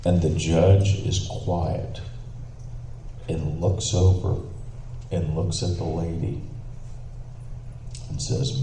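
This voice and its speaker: A man's voice: deep voice, little pitch movement, takes it slowly, pauses often, warm tone, a little hiss or hum. A man telling a courtroom-style anecdote casually to a live audience, with laughing asides and some swearing. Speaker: panelist telling stories at a live event. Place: live event room with audience. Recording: roomy hall, picked up from a distance.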